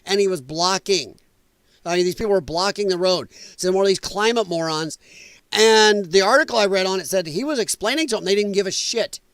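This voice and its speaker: Guy ranting on his political show, kinda high voice, cusses a lot, dry close mic. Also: brisk, a bit bright, smooth, no room sound. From United States. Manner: blunt, indignant, swears freely. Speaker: political podcast host. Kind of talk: opinionated livestream commentary.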